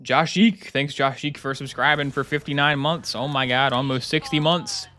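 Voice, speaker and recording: Brief: young male streamer, bright, crisp tone, mid pitch, rambling sarcastic game commentary. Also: steady tone, moderate pace, a little hiss or hum. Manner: rambling, jokey, sarcastic asides. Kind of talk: casual commentary while gaming.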